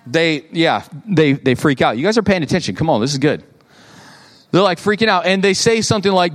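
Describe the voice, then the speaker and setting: High-voiced animated male pastor. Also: a little fast. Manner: animated, conversational, acts out quotes with rising pitch. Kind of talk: sermon. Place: church.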